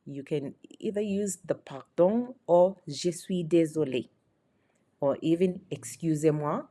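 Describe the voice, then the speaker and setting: A woman's voice: lowish voice, takes it slowly, mellow. A woman teaching phrases in a beginner lesson, explaining patiently and repeating each example. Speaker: French teacher.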